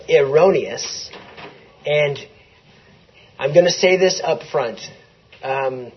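A man's voice: on the high side, husky, highs cut off. A man preaching, telling a story conversationally and acting out both sides of the dialogue. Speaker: pastor. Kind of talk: sermon.

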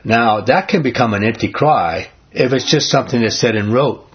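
A man's voice: mid-range voice, moderate pace. A man leading a Bible study in an earnest, conversational teaching style, often asking his group questions. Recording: dull lo-fi recording.

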